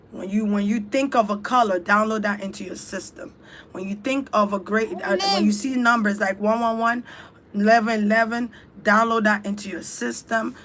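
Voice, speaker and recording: A woman's voice: mid-range voice, a bit bright, a little hiss or hum. Fervent woman leading a spiritual ritual. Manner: fervent, repetitive chant-like exhortation. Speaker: spiritual speaker. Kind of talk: spiritual guided ritual talk.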